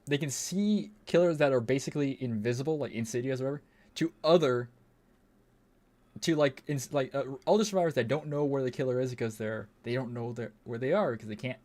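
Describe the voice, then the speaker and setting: A young man rambles through a gaming stream, swearing freely and sounding baffled at everything. His pitch swings widely as he talks, rising and dipping with each complaint. He speaks casually into a desk mic. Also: darkish tone. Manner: rambling, profane, incredulous.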